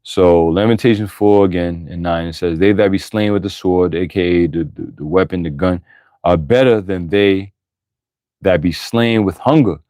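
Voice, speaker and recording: Low-voiced man preaching bluntly, profanely. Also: moderate pace, dark tone, no echo. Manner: profane, blunt and emphatic, with bursts of laughter. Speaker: Bible teacher. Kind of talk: scripture reading with street-style commentary.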